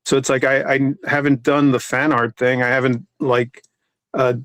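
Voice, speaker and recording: Man, comic artist, casual chat, rambling, lots of fillers, mid pitch, dry close sound. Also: flat delivery, normal speed, fairly bright tone, no echo. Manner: rambling, many restarts and fillers.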